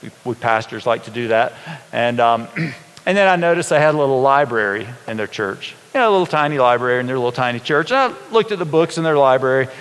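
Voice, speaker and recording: Pastor in a reverberant church hall. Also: male voice, mid-range voice, animated, fast, fairly bright tone, clear, resonant tone. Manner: conversational, folksy, asks the congregation questions. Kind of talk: storytelling sermon.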